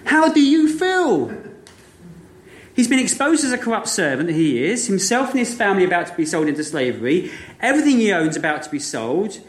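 Male preacher, slightly high voice, lively storyteller full of rhetorical questions; echoey room. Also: fast talker. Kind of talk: sermon.

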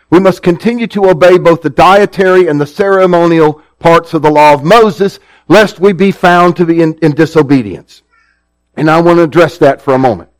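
A man preaching a sermon in a measured, earnest teaching manner. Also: sits high, low-quality recording.

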